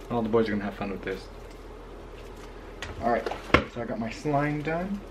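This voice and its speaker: A young man and father talking casually to a handheld camera in a home vlog, at home and in a car. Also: mid-range voice. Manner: chatty, talks straight to the camera. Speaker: father and vlogger. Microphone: handheld compact camera. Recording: background noise with vehicle hum.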